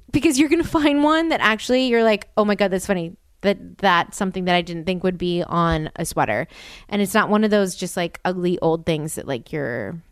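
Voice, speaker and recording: A woman's voice: medium pitch, clean tone, no room sound, studio quality. Chatty young woman podcast host. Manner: chatty, filler-heavy with lots of "like". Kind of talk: casual podcast chat with ad read.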